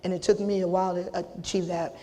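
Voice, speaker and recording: A middle-aged woman holding back tears, giving a halting acceptance speech full of restarts and casual slang. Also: on the low side, flat delivery, warm tone. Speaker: hall of fame inductee. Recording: long hall reverb.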